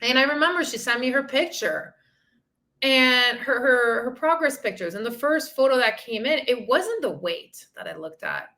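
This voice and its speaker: A woman in her thirties who coaches fitness and mindset talks openly to her listeners on a podcast. Her voice sits high and rings bright and forceful. She speaks with candid emotion and steady encouragement, dropping the odd swear word. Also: normal speed. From outside the country she lives in. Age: 30s. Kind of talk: solo podcast talk.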